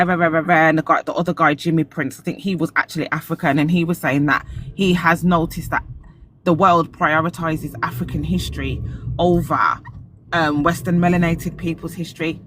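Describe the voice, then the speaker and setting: A man's voice: on the high side, noisy background. A man hosting a casual live-stream podcast, animatedly retelling his arguments. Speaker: podcast host.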